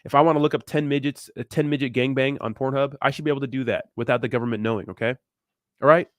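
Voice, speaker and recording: A man's voice: medium pitch, steady tone, fast, no echo, studio quality. A young man from Southern California hosting a crypto livestream, chatting casually and crudely, joking and laughing as he reads viewer comments.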